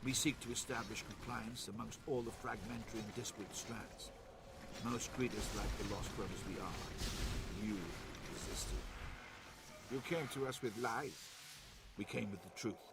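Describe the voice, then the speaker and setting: A man voicing a stern warrior captain who speaks calmly and evenly. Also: on the low side, creaky, far from the mic, heavy background noise. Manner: calm, measured. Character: calm, stern armored male warrior captain.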